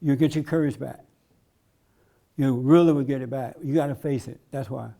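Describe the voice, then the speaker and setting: A man's voice: medium pitch, normal speed, gravelly, warm tone. A man giving a blunt, emphatic preaching-style talk at a conference, laughing along with his audience. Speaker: conference speaker.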